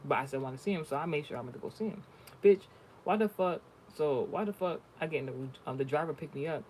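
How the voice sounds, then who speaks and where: Here a spiritual reader talks fast in a fairly high voice with a darkish tone, with a little hiss or hum in the background. In casual chat, he tells stories bluntly and swears without holding back.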